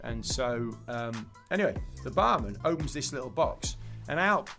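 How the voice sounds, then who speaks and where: A middle-aged man talks easily as a podcast guest, rambling through answers and acting out a long joke in changing voices. Soft music plays faintly behind him. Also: medium pitch, moderate pace, vocal fry. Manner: chatty, tells jokes with lively voiced characters. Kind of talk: casual interview chat.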